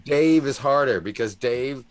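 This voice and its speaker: A man's voice: medium pitch, a little slow, a loud crowd. A man chatting casually as co-host of a group show, laughing and teasing the others. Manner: animated, laughing, stretches words when teasing. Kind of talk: casual chat.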